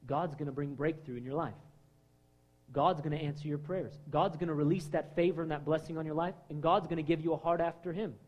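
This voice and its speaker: A man preaching a sermon in a conversational way, acting out quoted voices and swinging between loud lines and hushed ones. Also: fairly high pitch, steady tone, fairly quick, highs cut off. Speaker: pastor.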